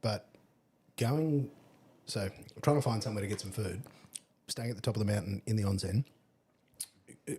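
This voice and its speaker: A man's voice: lowish voice, moderate pace, long pauses, dark tone, slight background noise. An Australian man casually chatting over beers on a podcast, telling travel stories and swearing now and then. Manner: laid-back storyteller, swears casually. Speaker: podcast co-host.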